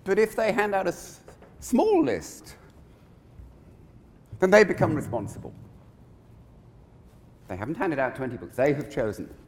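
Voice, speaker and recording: Animated man giving a keynote in a hall. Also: sits high, unhurried, pauses often. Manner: animated, conversational, digressive. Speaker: keynote speaker. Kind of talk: conference keynote talk. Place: large conference hall. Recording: long reverb of a conference hall.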